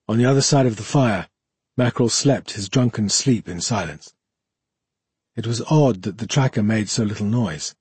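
Male audiobook narrator, husky timbre, dry close-miked recording. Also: fairly low pitch, darkish tone, no room sound.

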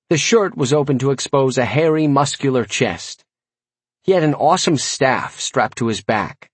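A man's voice: medium pitch, slightly rough, dry recording. Wry man narrating a fantasy audiobook. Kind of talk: first-person fantasy narration.

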